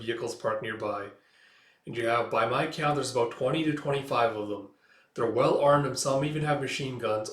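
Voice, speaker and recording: A man hosting a casual comic read-through, talking loosely with many fillers. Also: mid-range voice. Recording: echoey room.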